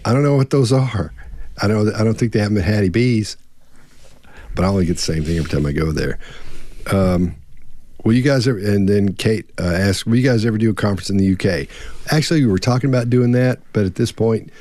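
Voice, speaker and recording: A middle-aged man co-hosting a live online Q&A, telling a long story in a rambling, animated way and acting out the voices of the people in it. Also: fairly low pitch, fast, no echo. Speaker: co-host answering member questions. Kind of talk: casual storytelling chat. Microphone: online live stream.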